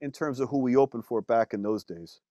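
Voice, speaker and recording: A man, a musician guest, telling stories in a casual interview, animated, with lots of fillers and some swearing. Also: mid-range voice, a little fast, dry recording, studio quality.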